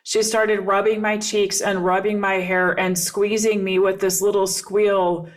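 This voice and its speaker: A woman's voice: mid-range voice, level tone, a little slow. A middle-aged woman hosting a podcast, telling a personal story in an earnest, reflective way and repeating phrases for emphasis. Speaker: podcast host and coach.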